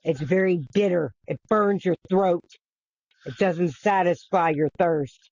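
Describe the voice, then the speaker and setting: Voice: mid-range voice, unhurried, darkish tone, no echo. A podcast host retelling a bible story in a casual, earnest way, with frequent restarts, repetition and the odd swear. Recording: dull, dry lo-fi recording.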